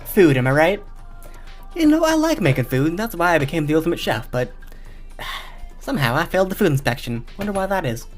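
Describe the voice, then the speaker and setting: A man's voice: on the high side, big pitch swings, brisk, pauses often. A man voicing a sleazy young male chef with a southern twang and a frantic, smarmy way of talking, with faint music behind.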